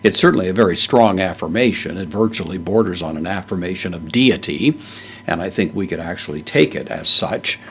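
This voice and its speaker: A man giving a measured, verse-by-verse Bible lesson, explaining the Greek words with frequent pauses. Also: sits low, a bit bright, slight background noise. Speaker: Bible teacher.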